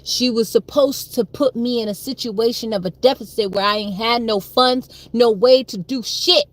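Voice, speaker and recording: A woman's voice: on the high side, moderate pace. Emphatic young woman livestreaming. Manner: emphatic, repetitive storytelling with swearing. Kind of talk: livestream monologue.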